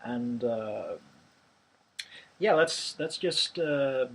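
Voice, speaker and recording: A Norwegian man hosting a podcast, reviewing a film in casual chat, halting with many fillers and restarts. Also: medium pitch, animated, gravelly, a bit bright, breathy edge. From Norway. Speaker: podcast host.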